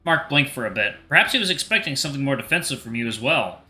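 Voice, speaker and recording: Lively bright-voiced young man narrating. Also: mid-range voice, fast talker. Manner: narrates in second person, lively delivery. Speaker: visual novel reader. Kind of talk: reading a visual novel aloud.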